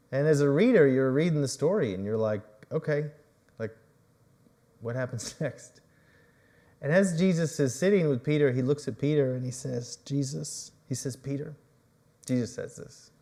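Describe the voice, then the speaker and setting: A young adult male pastor preaching a livestreamed sermon, telling a story with dramatic storytelling and swings between loud and soft. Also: mid-range voice. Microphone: livestream microphone.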